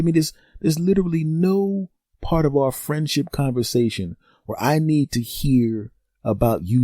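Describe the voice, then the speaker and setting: A man riffs through a solo podcast monologue, his voice leaping high and dropping low as he plays himself and his friend. The tone is mellow and dark, recorded dry and close with no room sound. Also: no echo. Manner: animated storytelling, acting out both sides of conversations; profane, teasing. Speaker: podcast host.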